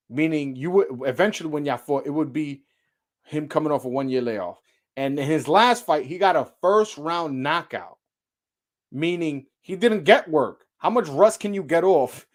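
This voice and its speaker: A man hosting his own show, giving a casual, profane opinion rant with rhetorical questions and many repeats. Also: on the high side. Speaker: boxing commentator, show host.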